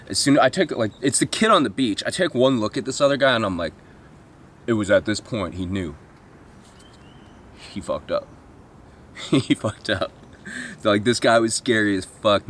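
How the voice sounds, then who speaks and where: A man at middle pitch tells a comic travel story as a vlogger, rambling, swearing and making fun of himself. He drifts into asides and mimicked voices as he goes, recorded outdoors. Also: a bit bright, a little hiss or hum.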